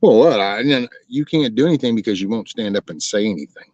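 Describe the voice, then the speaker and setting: A man's voice: on the low side, expressive, fast, a little mellow, no room sound. A man, hosting a casual live stream and answering chat in a folksy, rambling way. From Texas. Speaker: live stream host chatting with viewers. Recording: dull lo-fi stream audio.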